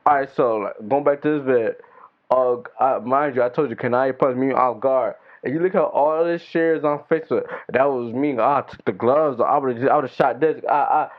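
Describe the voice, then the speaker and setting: A man's voice: medium pitch, normal speed. A man co-hosting a podcast, telling stories in a rambling, slangy way. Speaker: podcast co-host and video editor. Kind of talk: casual chat. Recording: thin phone-like sound.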